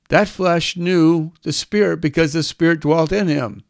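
A man's voice: fairly high pitch, a little slow, gravelly, no echo, studio quality. A man preaching a sermon, emphatic and drawn out, his voice climbing on the key words.

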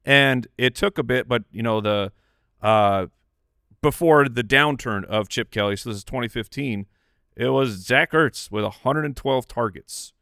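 A man's voice: mid-range voice, measured pace, creaky, sharp tone, clear, resonant tone, dry recording, clean studio sound. Storytelling man in a football chat. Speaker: fantasy football podcast co-host. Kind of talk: casual sports analysis chat.

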